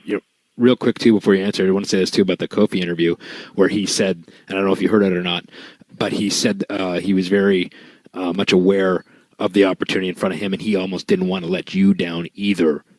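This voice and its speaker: A man co-hosting a casual interview podcast, jumping in quickly to add a point. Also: low voice, a little mellow, no echo, low-quality recording. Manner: jumps in quickly with an added point. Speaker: podcast co-host.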